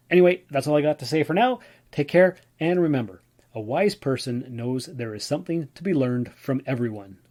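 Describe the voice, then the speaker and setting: Guy rambling on his solo podcast, lots of uhs, gets all excited. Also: fairly high pitch. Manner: rambling and excitable, many uh fillers. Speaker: podcast host. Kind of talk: casual solo podcast chat.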